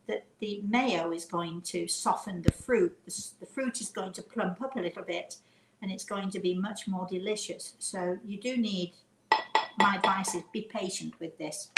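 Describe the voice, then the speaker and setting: A woman's voice: mid-range voice, fairly bright tone, slight background noise. A woman hosting a casual home cooking demonstration, chatting as she measures by eye. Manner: chatty, eyeballing amounts aloud. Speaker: cooking show host. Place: home kitchen. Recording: echoey kitchen with clattering dishes.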